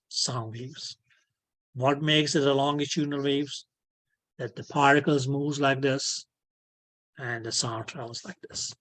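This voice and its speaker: A man teaching an online physics class, slowly and patiently, filling his speech with "okay" and making small grammar slips. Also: medium pitch. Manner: repeats "okay" as filler, non-native grammar slips. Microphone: video call.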